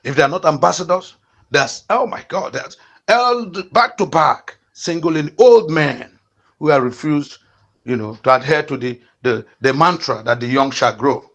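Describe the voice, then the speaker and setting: A man's voice: fairly high pitch, lively intonation, unhurried, fairly bright tone. A Nigerian man in his fifties from the east of the country, hosting an impassioned political commentary in fiery, repetitive rallying calls broken by frequent fillers. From eastern Nigeria. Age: 50s. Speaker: channel host.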